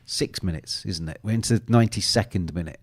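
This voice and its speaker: A man's voice: deep voice, fast talker, husky, no echo, studio quality. A man hosting a live football betting show, commenting on a match and teasing his co-host while reading viewer comments aloud.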